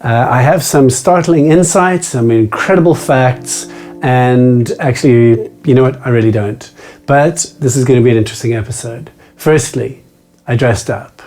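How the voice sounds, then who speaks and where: A man hosting a meditation video, talking casually to the camera, playful and self-mocking, moving between quick chatter and slow, deliberate phrasing. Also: mid-range voice, a little mellow.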